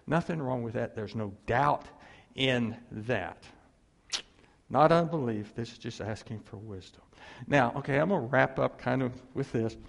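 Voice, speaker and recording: A man's voice: medium pitch, a little slow, gravelly, in a large hall. A man preaching a sermon, acting out quotes and asking the congregation to answer him. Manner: animated, acts out quotes, asks the congregation for replies. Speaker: pastor.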